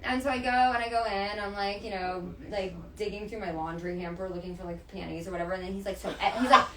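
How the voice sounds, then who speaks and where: A woman's voice: mid-range voice, fairly even intonation, fast, pushed and bright, a little hiss or hum. A woman telling a story in casual chat, swearing freely and acting out what others said. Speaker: podcast guest, dominatrix. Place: room with several people. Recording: echoey room, mic at a distance.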